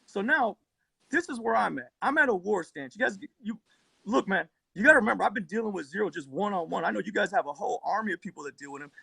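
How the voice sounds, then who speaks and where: Gravelly, husky-voiced man ranting on a phone stream. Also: sits high, animated, quick pace, pushed and bright, dry recording. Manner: profane, rambling, worked-up storytelling. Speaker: livestream debate participant. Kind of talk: heated live-stream argument.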